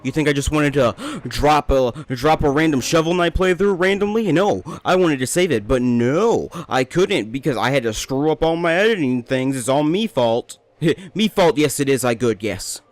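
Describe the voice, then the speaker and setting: A man's voice: on the high side, lively intonation, normal speed. A young man casually commentating his gameplay, rambling, joking and talking to the characters on screen. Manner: rambling, joking, talks to the game. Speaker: let's play host.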